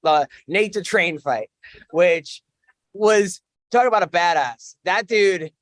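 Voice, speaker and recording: High-voiced chatty male podcast co-host. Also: takes it slowly, a bit bright, no echo. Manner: chatty, laughs often, rambling restarts. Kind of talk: casual sports banter.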